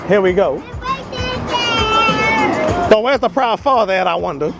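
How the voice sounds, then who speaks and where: A man's voice: high-pitched, expressive, a little slow, vocal fry, poor audio. A man hosting his own casual live-stream show from a family birthday party, rambling and stammering as he keeps talking to viewers. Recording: party music and crowd chatter behind.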